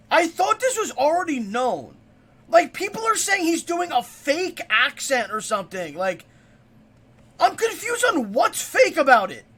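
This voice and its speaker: A man's voice: very high voice, a bit bright. A man streaming a reaction video, ranting casually, heated and profane.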